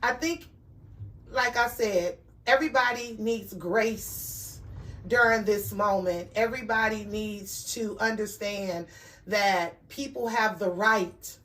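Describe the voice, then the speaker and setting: A woman's voice: mid-range voice, takes it slowly, recorded from a distance. A woman in her fifties hosting a talk show, telling stories in an emphatic, motherly way. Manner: warm motherly storytelling, emphatic. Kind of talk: casual conversation.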